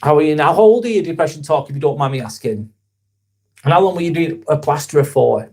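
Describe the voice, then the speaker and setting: A man's voice: fairly high pitch, expressive, fast, a little mellow, slightly rough. A young man hosts a casual live vlog, talking in an earnest, rambling way and swearing casually. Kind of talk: casual live-stream chat.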